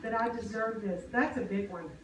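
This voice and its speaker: A woman's voice: mid-range voice, moderate pace, noisy background. A woman preaching a sermon, earnest and conversational, often asking the congregation questions. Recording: echoey hall, mic at a distance.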